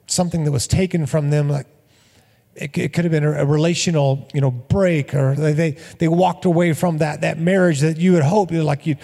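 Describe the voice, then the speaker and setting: A man's voice: a little high, dark tone, big-room sound. A middle-aged male pastor preaching a sermon in a conversational, storytelling way, often repeating words.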